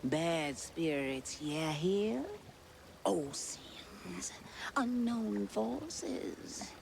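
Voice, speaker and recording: Brief: old cartoon swamp mouse, foreboding, low-ish and very slow with heavy fry. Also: female voice, expressive, darkish tone, a little hiss or hum, heavily acted. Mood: ominous.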